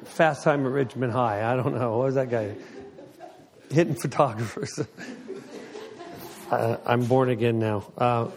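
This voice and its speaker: A man's voice: medium pitch, fairly even intonation, measured pace, pauses often. Guy rambling through a funny story to a crowd, jokey, keeps doing voices. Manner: rambling, joking, slips into voices. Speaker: speaker telling a story to a group. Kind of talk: casual storytelling.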